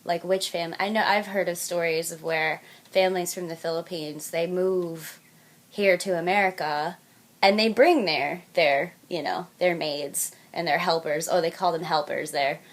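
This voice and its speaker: A woman's voice: fairly low pitch, fairly even intonation, normal speed. A young woman from New York chats as a podcast co-host. She is upbeat and talkative, filling her speech with "like" as she goes. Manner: chatty, upbeat, many "like" fillers. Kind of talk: casual chat.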